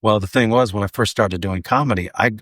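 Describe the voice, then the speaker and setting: A man's voice: lowish voice, fast talker, fairly bright tone, no echo, studio quality. A man in his forties, a guest comedian, telling casual stories in a podcast interview, rambling with lots of fillers and restarts.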